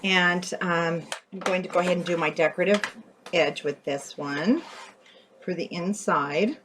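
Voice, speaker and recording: A woman's voice: fairly low pitch, a little slow, noisy background. A woman hosting a craft tutorial, chatting as she works and often correcting herself. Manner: chatty, thinking aloud while working, often self-correcting.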